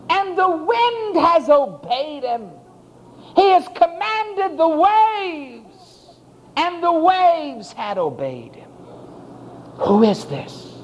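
Preacher acting out an astonished frightened disciple. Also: male voice, extremely high pitch, a little mellow, pitched above the performer's own voice, exaggerated voice, low-quality recording. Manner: rising, pleading, drawn-out questions. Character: frightened awestruck male disciple, adult.

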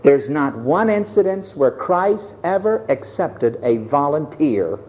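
A male preacher delivers a sermon with dramatic energy. His pitch swings widely from low to high, and he acts out each scene as he goes. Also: big pitch swings, slow pace, darkish tone.

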